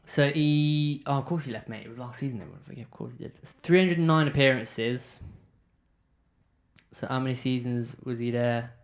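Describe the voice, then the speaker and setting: A man's voice: mid-range voice, moderate pace. A man, co-hosting a casual football podcast, enthusiastic and calling his friend "mate". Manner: chatty, says "mate" a lot, enthusiastic. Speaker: podcast co-host.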